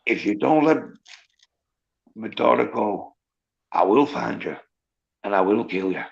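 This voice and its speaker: A man doing an impression of a menacing older man delivering a hushed, cold threat over a dull lo-fi voice chat. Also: fairly low pitch, lively intonation, a little slow, gravelly, pitched below the performer's own voice.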